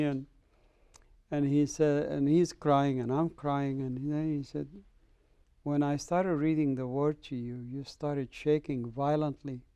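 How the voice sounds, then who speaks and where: Middle-aged man from the Middle East, lively interview testimony, slightly high and mellow, dry studio. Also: gravelly, dry recording. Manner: animated storyteller, acts out dialogue. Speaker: interview guest.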